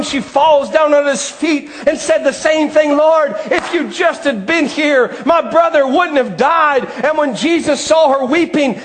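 A man preaching a sermon, impassioned and often shouting, drawing out words for emphasis. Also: very high voice.

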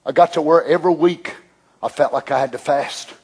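An older man preaching a fervent sermon as pastor in a church, shouting at times and dropping to hushed tones. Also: on the high side, brisk, slightly rough. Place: church sanctuary.

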